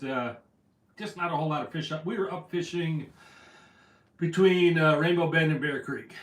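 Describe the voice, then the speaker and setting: A man's voice: fairly high pitch, a bit bright. A man hosting a casual fishing livestream from home, a little out of breath, greeting viewers by name. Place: at home indoors. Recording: roomy echo.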